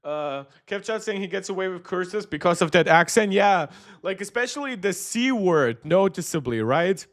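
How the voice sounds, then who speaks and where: Male streamer, a bit high-pitched, casual, jokey reaction commentary. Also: lively intonation, moderate pace, fairly bright tone. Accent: mixed, not clearly regional. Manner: chatty, laughing asides, reads chat aloud. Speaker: streamer reacting to tech videos. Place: Berlin.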